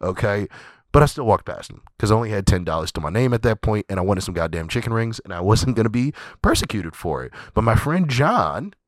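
A man's voice: on the low side, sing-song, a little fast, no echo. A man hosting a podcast, telling a comedic story in a loose, profane, laughing way. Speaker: podcast host.

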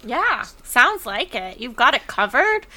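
A woman's voice: fairly high pitch, sing-song, unhurried, sharp tone. A woman hosting a casual chat, chatty and enthusiastic, laughing easily.

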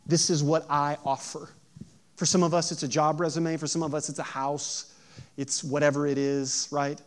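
A man preaching a sermon. He moves from hushed storytelling to loud, emphatic preaching and asks the audience questions. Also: on the high side, little pitch movement, moderate pace. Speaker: pastor.

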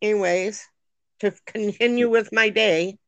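A woman's voice: mid-range voice, steady tone, measured pace, no room sound, highs cut off. A woman telling stories in a chatty, exclaiming way during casual family chat. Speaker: podcast host.

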